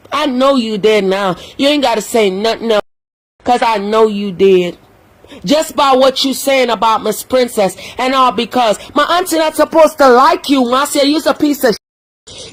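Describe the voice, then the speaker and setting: Woman, livestream rant, heated, cursing, scolding. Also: high-pitched. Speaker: social media commentator.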